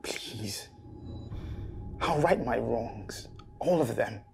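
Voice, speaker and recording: An actor playing a jealous, threatening jilted man who shouts accusations in a film. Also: medium pitch, lively intonation, drawn-out words, creaky, slight background noise, exaggerated voice. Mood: pleading. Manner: shouting accusations, then pleading. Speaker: jealous ex-partner. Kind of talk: film acting.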